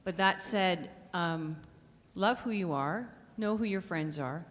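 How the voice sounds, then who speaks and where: A woman's voice: lowish voice, takes it slowly, a bit bright. A woman on a convention panel giving earnest, encouraging advice, recorded in a reverberant hall. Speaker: voice actress on a panel. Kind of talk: panel answer.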